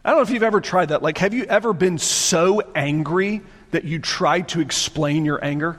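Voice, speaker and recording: A pastor from the American South preaches with a slightly raised pitch, pressing his points through repetition. He often sinks into quiet, low-voiced emphasis. His voice carries a long reverb tail from a large hall. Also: moderate pace. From Southern United States. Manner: emphatic, repeats phrases for force, drops to quiet low tones. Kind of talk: sermon.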